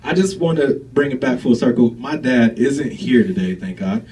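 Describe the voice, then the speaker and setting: A man doing a stand-up comedy set, telling stories with animated delivery and laughing at his own jokes. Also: medium pitch, normal speed, distant mic, slight background noise. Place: comedy stage before a live audience.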